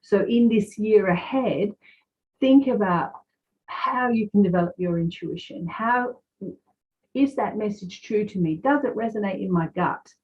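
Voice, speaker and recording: A woman guest giving spiritual guidance over a video call, slow, measured and emphatic. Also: medium pitch. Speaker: guest psychic. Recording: dull, slightly lo-fi.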